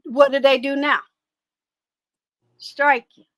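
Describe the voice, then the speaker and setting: A woman with a high, bright voice talks in a blunt, animated, profane way. Her sound is dry and close. She rambles with restarts as she chats. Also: takes it slowly, no room sound. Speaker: guest commentator. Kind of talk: casual chat.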